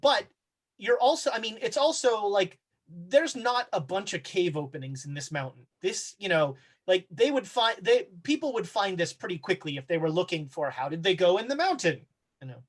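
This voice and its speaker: A man's voice: sits high, very animated, moderate pace. A man running a tabletop horror game, narrating scenes casually with many fillers and restarts. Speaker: game master.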